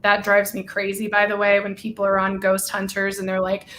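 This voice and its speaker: A woman hosting a casual live-stream chat, bubbly and gushing, running off on quick tangents. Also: mid-range voice, monotone, fairly bright tone, a little hiss or hum.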